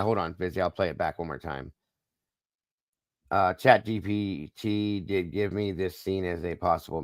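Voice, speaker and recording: A man's voice: low voice, no room sound. A man hosting a casual live-stream discussion, musing aloud and talking straight to viewers in the chat. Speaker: livestream host.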